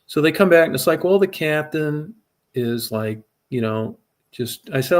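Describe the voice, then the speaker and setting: Speaking at a normal pace in a fairly high pitch, this middle-aged man spins a lengthy personal tale in loose, casual talk. He swears frequently and sounds lively and animated throughout.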